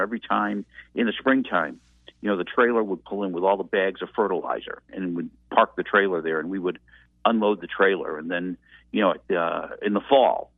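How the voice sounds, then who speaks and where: A man's voice: low-pitched, husky, dry recording. A man, calling in and reminiscing in a rambling, reflective way. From Massachusetts. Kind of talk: casual reminiscing. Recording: tinny dry phone line.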